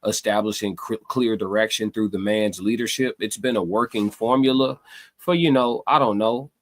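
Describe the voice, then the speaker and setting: A man's voice: on the low side, fairly even intonation, moderate pace. A man hosting a live stream, talking casually to his chat in a loose, meandering way, repeating himself and searching for words. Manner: loose and meandering, many fillers and repeated phrases.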